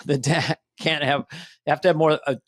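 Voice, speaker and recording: A man in his sixties co-hosting a podcast in casual chat, animated and fond of breaking into accents. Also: fairly high pitch, moderate pace, dry recording, studio quality. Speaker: podcast co-host.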